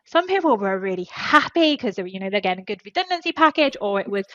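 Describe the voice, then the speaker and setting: A woman's voice: mid-range voice, big pitch swings, quick pace, fairly bright tone, dry recording, lo-fi sound. A woman, a podcast guest and former HR specialist, telling an earnest and emotional story in casual conversation.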